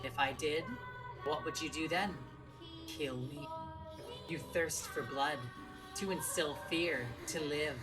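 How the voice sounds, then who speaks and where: Woman voicing a cruel mocking voice, sneering, slow, game music behind. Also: sits low. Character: mocking, cruel unseen taunter.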